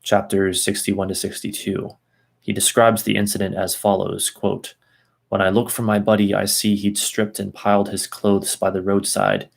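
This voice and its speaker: A man's voice: fairly low pitch, completely flat delivery, moderate pace, vocal fry. A man reading a text aloud at an easy pace, stopping for asides and second tries at hard names. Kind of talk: casual reading and commentary.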